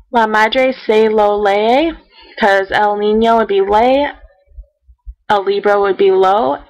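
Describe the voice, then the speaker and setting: A woman teacher giving a recorded grammar lesson in a methodical way, counting out each step and reading example sentences slowly. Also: fairly high pitch, low-quality recording. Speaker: Spanish teacher.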